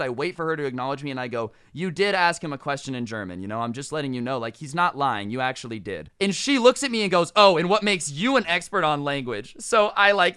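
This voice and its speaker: A man from the Las Vegas area telling a story to camera in a casual, animated way, peppering his talk with "like" and "dude". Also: on the high side, clear, resonant tone, no room sound, studio quality. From Las Vegas area, United States. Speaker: storytime vlogger.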